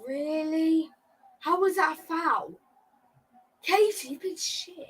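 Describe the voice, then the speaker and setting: A woman's voice: extremely high pitch, slow, rough recording. A young woman hosting a live football watchalong, reacting nervously and breaking into chants. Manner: excitable, nervous, swings between groans and singing.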